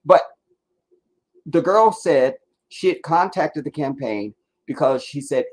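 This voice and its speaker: A man's voice: on the high side, lively intonation, slow, pauses often. A man hosting a casual livestream, ranting and rambling with heavy profanity. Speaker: livestream host.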